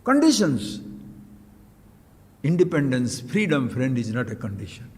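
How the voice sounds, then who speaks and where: A man's voice: medium pitch, wildly swooping pitch, unhurried, a little mellow. A man giving a spiritual discourse as a teacher, emphatic and full of rhetorical questions. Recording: long hall reverb.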